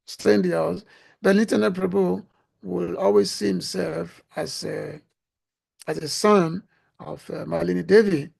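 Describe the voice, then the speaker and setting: A man giving a devotional talk who is losing his voice, speaking haltingly with frequent pauses and restarts. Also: high voice, gravelly, a little mellow, slightly rough. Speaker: religious speaker.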